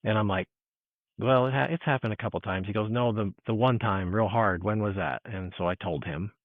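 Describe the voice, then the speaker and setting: A man telling a personal encounter story in casual chat, animated and full of restarts, acting out what people said. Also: on the low side, fairly quick, dry recording. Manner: animated storyteller, restarts, acts out quoted dialogue. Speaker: guest. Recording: tinny phone-like line.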